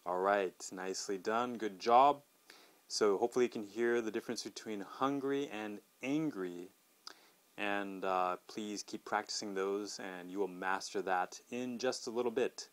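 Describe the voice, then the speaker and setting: Middle-aged male pronunciation teacher, lowish voice, slow clear repeat-after-me drills. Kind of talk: podcast pronunciation lesson.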